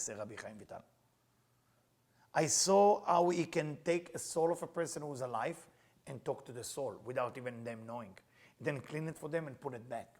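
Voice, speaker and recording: Husky-voiced man teaching Kabbalah. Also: mid-range voice, moderate pace. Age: middle-aged. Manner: earnest, storytelling, plain non-native phrasing. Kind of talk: teaching with personal storytelling.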